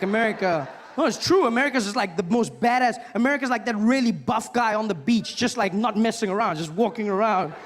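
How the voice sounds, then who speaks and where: A man's voice: high-pitched, in a large hall. A man in his thirties doing a stand-up comedy routine on stage, telling stories and acting out voices. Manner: animated storytelling with acted-out voices. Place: stage before a live audience.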